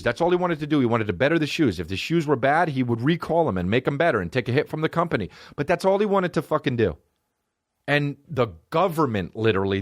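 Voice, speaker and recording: A man hosting a comedy podcast, ranting profanely and swinging between excited highs and low mutters. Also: no echo, clean studio sound. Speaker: podcast host. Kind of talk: solo comedy podcast rant.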